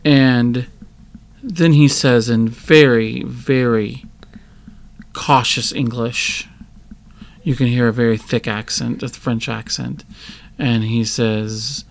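A man's voice: mid-range voice, steady tone, slow, creaky. A man running a tabletop role-playing game as game master, narrating scenes in descriptive detail. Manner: descriptive narration with filler and restarts.

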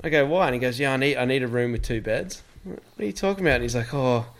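A man's voice: mid-range voice, fast, a bit bright. A man chatting casually, telling a funny story and laughing easily. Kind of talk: casual chat.

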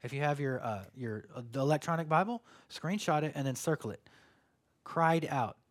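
A man, preaching a sermon in a conversational, joking way that rises to emphatic calls. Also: on the high side. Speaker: pastor.

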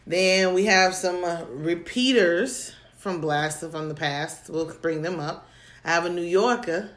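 A woman with a low voice chats casually about dating, telling stories in an animated way with frequent laughs. She sounds like she is in an echoey room. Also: a little slow. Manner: animated storytelling, laughs often. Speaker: podcast co-host.

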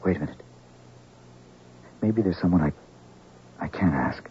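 A man's voice: deep voice, animated, measured pace. An actor playing an anxious young man who poses as a doctor and asks questions in a hesitant, coaxing way. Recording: slightly dull old radio recording with faint hiss.

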